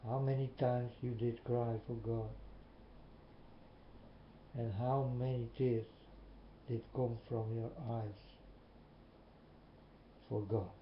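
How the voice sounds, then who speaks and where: Man talking very slowly and earnestly straight to camera, muffled echoey recording. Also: medium pitch, fairly even intonation. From Netherlands. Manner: slow, repetitive, earnest questioning. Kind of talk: slow earnest monologue to viewers. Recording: muffled, echoey room with faint hiss.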